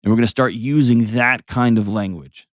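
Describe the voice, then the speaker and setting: A man's voice: mid-range voice, moderate pace, no echo, studio quality. A man hosting an advice call-in show, talking bluntly and painting vivid scenes as he coaches a caller. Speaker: host.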